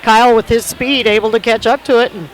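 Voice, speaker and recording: A woman with a Midwestern American accent giving color commentary at a basketball game, chatty and relaxed. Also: fairly high pitch, fast talker, slight background noise, rough recording. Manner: chatty, relaxed, adds side remarks. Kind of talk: casual sports chat.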